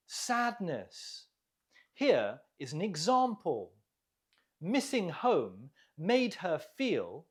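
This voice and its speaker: A man teaching an English vocabulary lesson, explaining words clearly and asking learners questions to repeat. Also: fairly high pitch. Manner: clear, lively teaching delivery with rising questions.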